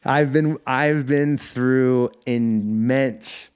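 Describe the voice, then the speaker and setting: A man's voice: medium pitch, steady tone, extremely slow, darkish tone, clear, resonant tone. A man guesting on a podcast, telling loose, profane stories in casual chat with lots of "like" fillers. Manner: loose storytelling, swears freely; frequent "like" fillers.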